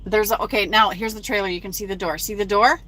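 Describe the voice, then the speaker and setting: A woman's voice: medium pitch, fairly even intonation, quick pace, a bit bright. A woman truck driver chatting casually on a phone live stream from her cab at a truck stop, reading viewer comments aloud.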